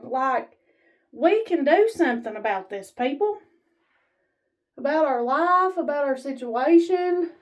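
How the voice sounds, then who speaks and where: This woman speaks unhurriedly in a high voice with lively intonation and long pauses, on a lo-fi recording. She stands filming herself, giving her camera a rambling motivational talk that's blunt and folksy.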